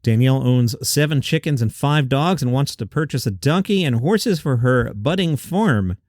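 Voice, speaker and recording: A man's voice: medium pitch, expressive, moderate pace, darkish tone, no echo, studio quality. A man hosting a light news round-up, chatty with joking asides. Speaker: host. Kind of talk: upbeat news round-up with jokes.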